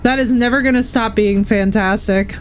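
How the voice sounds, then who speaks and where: A woman's voice: fairly high pitch, normal speed, soft background music. A woman streamer chatting casually with her viewers while she plays, candid and swearing freely, calling people bro and dude. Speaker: Twitch streamer. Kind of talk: casual live-stream chat while gaming.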